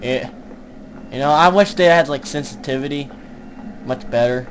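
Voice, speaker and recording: A young man giving casual, joking commentary while playing an online horror game, swearing and laughing often and shouting when startled. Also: mid-range voice, moderate pace, a little hiss or hum, poor audio. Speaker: gaming YouTuber. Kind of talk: casual let's-play commentary.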